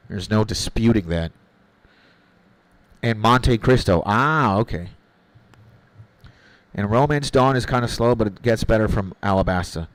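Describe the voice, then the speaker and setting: A man's voice: medium pitch, dry recording, poor audio. Laid-back streamer man, dry close sound. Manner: opinionated, swears freely, repeats himself while thinking. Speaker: game streamer. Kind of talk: casual live-stream chat, answering viewers.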